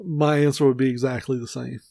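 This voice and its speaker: A man co-hosting a casual podcast, telling movie stories with lots of swearing and shouted impressions. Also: mid-range voice, fairly quick, creaky, no echo. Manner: profane, animated storytelling with shouted impressions. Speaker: podcast co-host. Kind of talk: casual chat.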